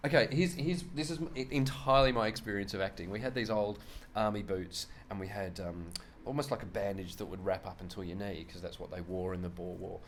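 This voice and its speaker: A comedian, telling lively anecdotes in a casual interview, often laughing and acting out voices. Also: male voice, fairly low pitch, brisk, hardly any pauses, a little hiss or hum. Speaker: comedian guest. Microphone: shared handheld microphone.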